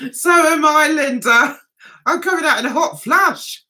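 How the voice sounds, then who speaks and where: A woman's voice: high voice, sharp tone. A woman from England hosting a casual livestream chat, reading out viewer comments and giggling often. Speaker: livestream host.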